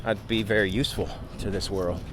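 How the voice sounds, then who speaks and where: A man with a lowish voice speaking from the heart in a testimonial, sincere and grateful. A faint background noise stays under him. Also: fairly even intonation, a little fast. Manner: earnest, heartfelt. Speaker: actor.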